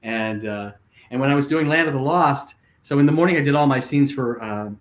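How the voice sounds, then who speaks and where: A man's voice: mid-range voice, fairly quick. An older man, a guest, telling stories animatedly with lots of fillers and restarts. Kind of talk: casual storytelling. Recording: roomy echo.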